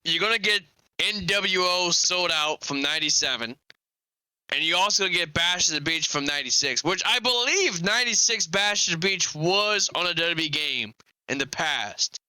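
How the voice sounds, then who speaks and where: A man hosts a live podcast in a loose, rambling, chatty way. His voice is very bright and smooth, a little higher than most men's, and the sound is dry and close with no room echo. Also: lively intonation, moderate pace. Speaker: podcast host. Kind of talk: casual live podcast chat about wrestling.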